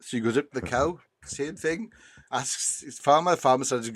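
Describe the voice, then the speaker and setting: A man's voice: normal speed, fairly bright tone, no room sound. A man, co-hosting a podcast and telling a long rambling joke. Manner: rambling storyteller, restarts, drops low for asides. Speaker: podcast co-host.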